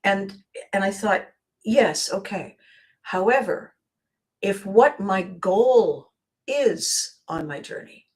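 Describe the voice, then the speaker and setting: A woman hosts a live motivational show and talks straight to her viewers in a voice of ordinary, middle pitch. She speaks earnestly and often repeats a word as she restarts a sentence. Now and then she breaks off to greet viewers by name.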